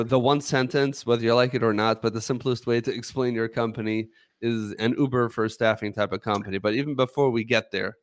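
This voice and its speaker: Low-voiced podcast host, measured. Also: male voice, no room sound. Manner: measured, with frequent "you know" fillers. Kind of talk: podcast interview hosting.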